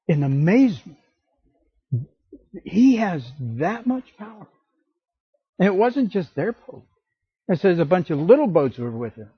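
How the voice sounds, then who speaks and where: A man preaching a sermon as pastor, slow and emphatic, acting out the scripture quotes. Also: high-pitched, husky, dry recording, dull audio.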